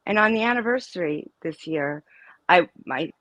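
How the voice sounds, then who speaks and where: A woman's voice: on the low side, lively intonation, moderate pace, a bit bright, dry recording. A middle-aged woman speaking as an interview guest, a mother who talks in a rambling, emphatic way that trails off and restarts. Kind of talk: casual live interview chat.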